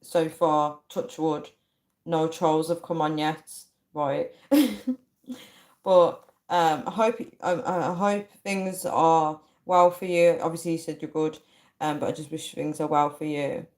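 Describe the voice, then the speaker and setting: Young woman host, slightly low voice, casual and giggly, chatting with live viewers. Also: little pitch movement, slow, a little mellow. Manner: laughs a lot, chatty, reads viewer names aloud. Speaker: livestream host. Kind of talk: casual livestream chat reading comments.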